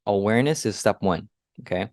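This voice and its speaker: Young male co-host, low voice, dry close sound, energetic motivational chat, lots of rhetorical questions. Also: brisk, dry recording. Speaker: podcast co-host and business coach. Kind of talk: casual motivational talk.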